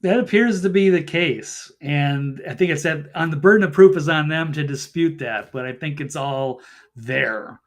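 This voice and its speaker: Man with a fairly high, agreeable voice. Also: moderate pace. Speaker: guest journalist. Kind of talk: political talk show discussion.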